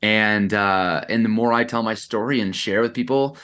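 Appearing as a podcast guest, a young adult content creator speaks in a fairly low, slightly bright voice at normal speed. His casual chat is reflective and comes in bursts, heavy on "like" and restarted phrases.

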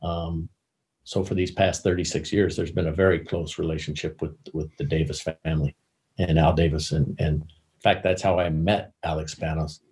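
An older man telling anecdotes as an interview guest, halting and repeating words as he searches for them. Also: a bass voice, little pitch movement, darkish tone. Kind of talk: casual anecdotal storytelling.

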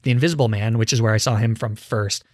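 Man, twenties, podcast host, casual chat, dry close sound, medium pitch. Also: steady tone, fast talker, a little mellow, dry recording. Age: 20s. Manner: chatty, runs a quiz game on the co-host.

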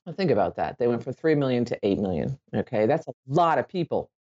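An Irish woman talks through a casual podcast monologue, drifting between points and correcting herself as she goes. Her voice is warm and mellow, with a relaxed, loose way of swearing. The recording sounds a little dull and muffled. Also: very deep voice, quick pace. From Ireland.

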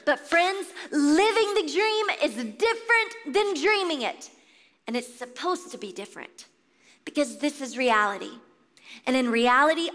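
A woman's voice: a little high, a bit bright. A woman in her thirties giving an impassioned inspirational sermon at a faith event, exhorting listeners and calling them friends. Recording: long reverb of a large hall.

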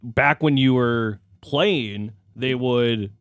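A man's voice: mid-range voice, very slow, fairly bright tone, no room sound. A man with a mid-range voice co-hosts a sports radio show in easygoing, chatty banter. The studio mic sounds close and dry. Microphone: studio microphone.

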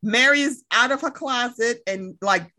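This is a woman in casual conversation with a bright, sharp-edged voice that sits a touch high. She talks with animated, profane energy and slips easily into acted-out rants. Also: moderate pace. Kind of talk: casual chat.

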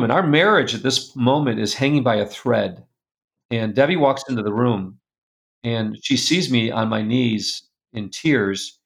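A middle-aged guest speaker tells a personal story in an earnest, confessional way, his medium-pitched voice carrying vocal fry. At the painful parts, he goes soft and quiet.

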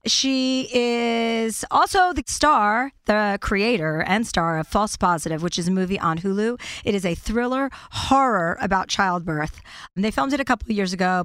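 A woman's voice: mid-range voice, fairly bright tone, smooth, dry recording. Chatty woman podcast host, dry sound. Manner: chatty, swears casually, jokey. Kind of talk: casual interview chat. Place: ski town.

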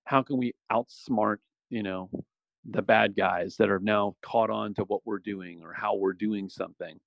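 A former special operations soldier talks casually as an interview guest in a fairly low, gravelly voice, going a little slowly. He rambles in a relaxed way, often restarting and saying "you know" among other fillers. The audio is muffled, with no room sound.

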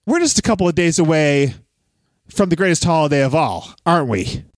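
High-voiced male podcast host. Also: expressive, a little fast, no room sound. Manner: chatty, laughs often. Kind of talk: casual wrestling podcast chat.

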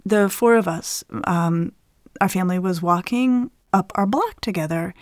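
A woman's voice: on the low side, unhurried, no echo. Brief: middle-aged woman, expert guest, dry close sound, chatty explainer. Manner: lively, explains plainly, often laughs. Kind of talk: conversational explanation with anecdotes.

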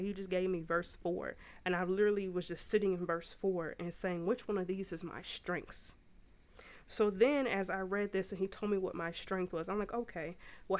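A young adult woman hosting a faith podcast for moms, telling a personal story in a chatty, slangy way. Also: mid-range voice. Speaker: podcast host. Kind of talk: casual faith talk.

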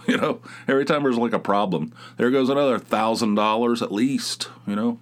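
A man's voice: lowish voice, brisk. A middle-aged man hosting his podcast alone from a home studio, telling a rambling, self-mocking story in a sarcastic, casual way. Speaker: podcast host. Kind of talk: casual monologue.

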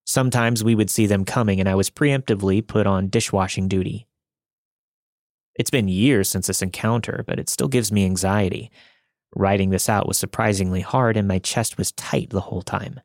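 A man reading listener-submitted true scary stories aloud in a steady, measured, somber storytelling manner. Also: fairly low pitch, dry recording, clean studio sound. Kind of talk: scripted narration.

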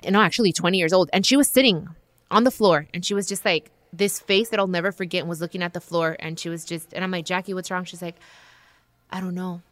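A woman's voice: on the low side, quick pace, fairly bright tone, dry recording. A woman hosting a casual chat, empathetic, mixing English and Spanish. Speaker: host.

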